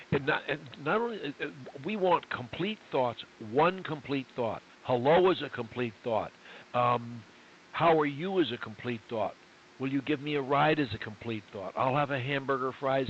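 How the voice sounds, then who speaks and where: A man coaching a student one-on-one, speaking emphatically in short punchy units and repeating his key phrases. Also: mid-range voice. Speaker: speech coach. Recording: dull lo-fi with faint hiss.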